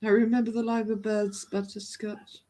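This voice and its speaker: A woman's voice: medium pitch, level tone, normal speed, dark tone. A woman chatting casually on a live stream as co-host, laughing often and mimicking regional accents.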